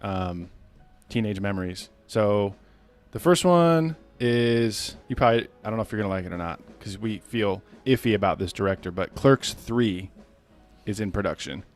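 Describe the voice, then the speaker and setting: A man's voice: fairly low pitch, moderate pace, faint music behind. A man co-hosting a podcast in casual chat, laid-back and swearing, with lots of fillers. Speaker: podcast co-host.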